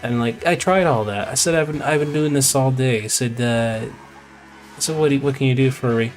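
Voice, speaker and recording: Rambling male streamer, mid-pitched voice. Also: a little fast, faint music behind. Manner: rambling, retells conversations at length. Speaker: live streamer. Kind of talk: casual storytelling while gaming.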